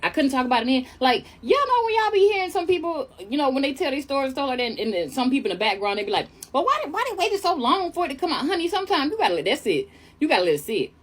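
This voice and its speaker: A young woman from New York telling a chatty storytime tale, animated and calling listeners honey. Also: on the high side. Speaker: storyteller vlogger. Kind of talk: casual storytime monologue.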